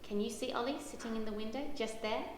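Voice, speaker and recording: A woman reading a picture book aloud to children, expressive, with lively character voices and questions to the listeners. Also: fairly high pitch, fast talker. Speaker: children's story reader. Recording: very echoey room, faint background noise.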